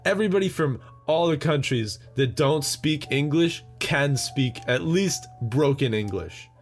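A man's voice: fairly high pitch, expressive, unhurried, faint music behind. A young American man hosting a solo podcast, rambling and joking with many fillers and laughs. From United States. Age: young adult. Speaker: podcast host. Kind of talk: solo casual chat.

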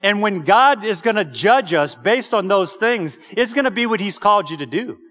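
High-voiced preacher in a reverberant hall. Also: male voice, expressive, normal speed, bright, forceful tone. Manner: exhorting, calls out "Amen?" to the congregation. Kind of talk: sermon.

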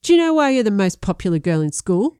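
A woman's voice: mid-range voice, very animated, quick pace, warm tone, clean tone, dry recording, clean studio sound, natural voice. A woman voicing a sneering teenage bully. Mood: furious. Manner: sneering, threatening. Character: menacing bullying teenage boy. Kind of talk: audiobook narration.

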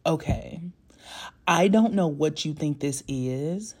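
A man's voice: fairly high pitch, animated, slow pace. Man doing a sassy, blunt young woman.

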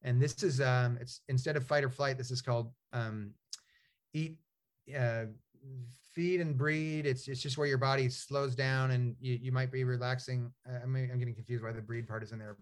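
A man, an author and guest in a casual interview, talks in a rambling, storytelling way with many fillers and restarts. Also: medium pitch.

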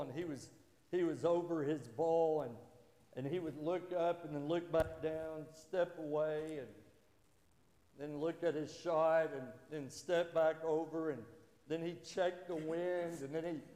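A man's voice: a little high, a little mellow. Man preaching in an echoey church hall. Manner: conversational, halting restarts, acts out quoted voices. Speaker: pastor. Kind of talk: sermon with jokes and stories. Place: church sanctuary.

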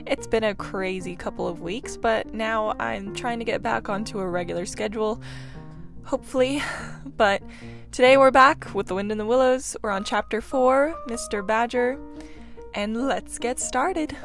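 A young woman hosting a book podcast and reading a classic story aloud in a calm storytelling manner. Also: on the high side, moderate pace, gravelly, over music. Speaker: podcast host and reader. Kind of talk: audiobook reading.

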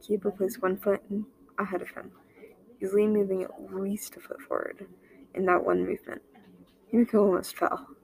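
A woman reading an original short story aloud, voicing the dialogue herself and dropping to a near-whisper in quiet moments. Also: medium pitch, flat delivery, normal speed, creaky, poor audio. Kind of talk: amateur story narration with dialogue.

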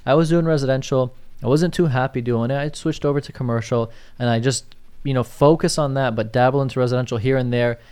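A man's voice: mid-range voice, fairly even intonation, quick pace, few pauses, a little mellow, smooth. A man co-hosting a podcast in casual chat, reading out listener questions and checking in with "you get what I'm saying?". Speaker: podcast co-host, commercial real estate agent.

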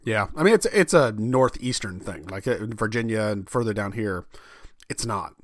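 A man's voice: lowish voice, lively intonation, normal speed, no echo, clean studio sound. A man co-hosting a podcast who talks in a wry, explanatory way in casual conversation. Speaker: podcast co-host.

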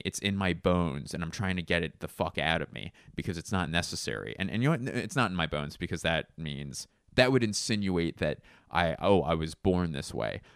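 A man's voice: sits low, fairly bright tone, clear, resonant tone, no echo, clean studio sound. A young man hosting a podcast, telling a long, profane, rambling story and mimicking the people in it. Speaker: podcast host. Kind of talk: casual storytelling monologue.

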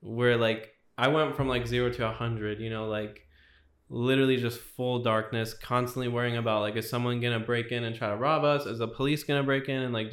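A young man shares his testimony as a podcast guest. His voice stays flat and even, with lots of "like" and "you know". The room around him rings with echo. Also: mid-range voice. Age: 20s. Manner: rambling, heavy use of "like" and "you know". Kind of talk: testimony in casual chat. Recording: roomy echo.

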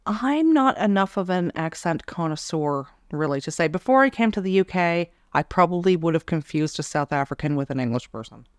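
Woman, young adult, Canadian accent, deadpan, dry wit, lowish voice, dry close sound. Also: brisk, hardly any pauses, no echo. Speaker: podcast co-host. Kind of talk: casual chat.

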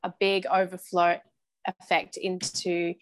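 A woman's voice: lowish voice, monotone, takes it slowly, no echo. A woman hosting a casual podcast chat, encouraging and thinking aloud with lots of fillers. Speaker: podcast host.

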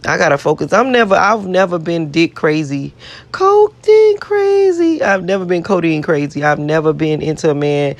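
Her voice is low and a little fast, with hardly any pauses and no room sound. She is a vlogger chatting to her audience on camera, rambling in a profane, boastful, self-adoring way and saying things over and over.

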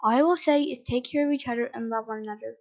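A woman reading a story, voicing a stern, grumpy vampire father who yells gruffly. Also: a little high, quick pace, close to an everyday voice. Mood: grudging. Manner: yelling, gruff. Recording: dull lo-fi recording.

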